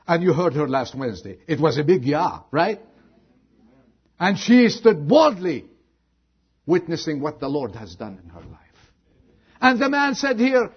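A man preaching a sermon as pastor, moving from loud exhortation to a hushed prayer. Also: high voice, very animated, measured pace, breathy edge, muffled recording.

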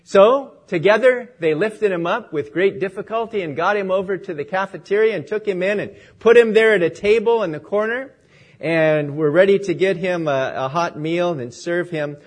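A man's voice: sits high, normal speed. A male pastor opening in prayer and telling a story as he preaches a sermon.

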